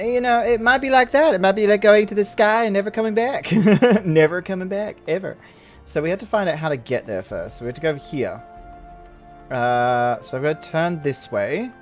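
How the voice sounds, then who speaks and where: A man casually commenting on his online game session, rambling and excited, with frequent restarts. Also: fairly high pitch. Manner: rambling, enthusiastic, many restarts. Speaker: gaming video host. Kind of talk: casual let's-play commentary.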